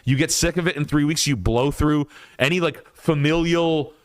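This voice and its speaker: A man's voice: fairly high pitch, steady tone, normal speed, no room sound. A man hosting a livestream podcast, ranting casually in a heated, profane way. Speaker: podcast host.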